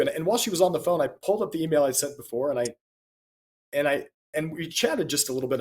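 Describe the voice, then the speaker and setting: A man being interviewed as a guest, telling a personal anecdote in a conversational way, acting out quoted dialogue and laughing between points. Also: fairly high pitch. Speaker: podcast guest, speaker and author.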